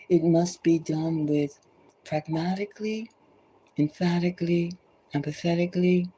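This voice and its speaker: A woman's voice: on the low side, dark tone, a little hiss or hum, poor audio. A woman tarot reader giving an impassioned, preachy monologue full of urgent repeated exhortations, sometimes dropping to a whisper.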